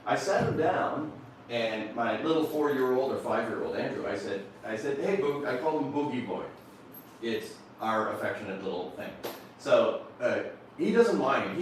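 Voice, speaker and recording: A man's voice: medium pitch, slight background noise. Middle-aged man preaching in an echoing hall. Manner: storytelling, slows down to stress key lines, calls out to the audience. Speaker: motivational speaker. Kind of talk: live seminar talk. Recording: very echoey room, voice picked up from a distance, faint background ambience.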